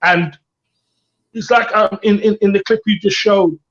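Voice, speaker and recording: A man's voice: high voice, fairly even intonation, measured pace, highs cut off. A middle-aged man co-hosting a candid panel chat, earnest and reflective, repeating his key phrases. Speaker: co-host.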